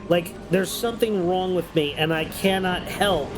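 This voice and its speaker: A man's voice: high-pitched, moderate pace, over music. A man from New York with a slight Southern drawl, chatting casually and swearing freely while streaming a video game. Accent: mild Southern drawl. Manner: chatty, profane, laughs often. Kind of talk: casual gameplay commentary.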